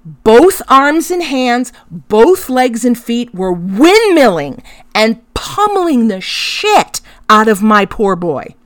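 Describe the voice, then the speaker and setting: A woman's voice: a little high, dry recording. A middle-aged woman hosting a podcast, telling a personal story in a candid, emotional way and swearing freely. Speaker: podcast host.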